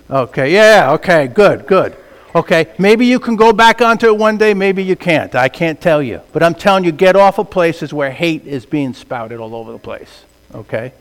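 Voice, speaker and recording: A male pastor with a high voice delivers an animated sermon, dropping low and quiet and then rising to loud, emphatic peaks. He speaks in a church sanctuary with a long reverb trailing each phrase. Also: normal speed. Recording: long reverb of a large hall.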